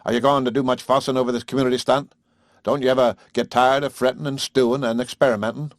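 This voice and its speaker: A man's voice: mid-range voice, flat delivery, fast talker, dry recording, studio quality, natural voice. A man reading an audiobook, voicing an easygoing, practical small-town husband who talks in a folksy, casual way.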